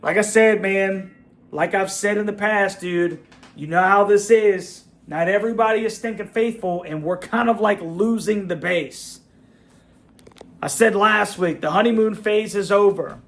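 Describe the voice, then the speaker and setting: Host, fired-up high-voiced fan rant, lots of "bro" and "man". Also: a little slow, a bit bright. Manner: fired-up venting, repeats himself, "bro" and "man". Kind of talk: ranting fan reaction vlog.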